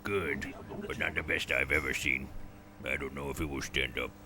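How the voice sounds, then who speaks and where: A man voicing a showy male swoop race announcer for a video game, in a deep trailer-narrator voice. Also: fairly even intonation, moderate pace, sharp tone, a little hiss or hum, full character voice. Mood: wry.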